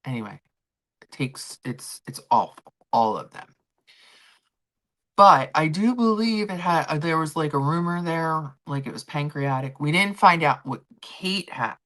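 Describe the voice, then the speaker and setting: A woman's voice: deep voice, animated, a little slow, a bit bright. A middle-aged woman hosting a livestream, chatting casually and with strong opinions, full of fillers and restarts. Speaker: livestream host. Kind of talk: casual chat about royal gossip.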